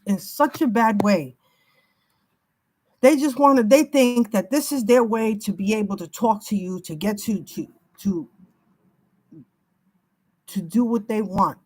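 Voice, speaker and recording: A woman's voice: medium pitch, low-quality recording. An older woman giving an unscripted spiritual reading, emphatic and warning, piling up repeated phrases. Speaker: spiritual reader.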